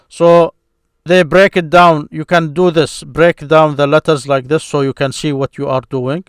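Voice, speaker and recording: A man teaching a beginners' grammar lesson, explaining patiently and repeating syllables slowly for his learners. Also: a little high, level tone, smooth, dry recording, clean studio sound.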